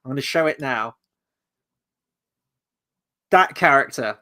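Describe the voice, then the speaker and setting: A man hosting a casual review chat, animated and rambling, swearing freely as he talks. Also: medium pitch, slow pace. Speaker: host.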